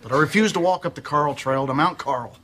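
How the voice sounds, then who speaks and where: Man acting sarcastic sitcom husband, wisecracking, raised pitch, heavy background noise. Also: a little fast, natural voice. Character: overworked joking husband and dad.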